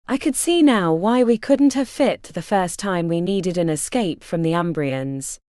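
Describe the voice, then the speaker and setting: A woman narrating a fantasy audiobook in the first person, her pitch rising and falling freely. She voices the story with expressive shifts between scenes. The sound is close and dry, with no room around it. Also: unhurried, dry recording. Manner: expressive, varied character voicing.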